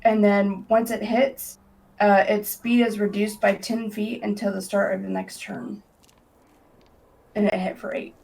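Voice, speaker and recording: A woman playing a tabletop game, declaring her actions slowly and deliberately. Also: medium pitch, little pitch movement, creaky, a little mellow, poor audio. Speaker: player. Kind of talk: casual tabletop game talk.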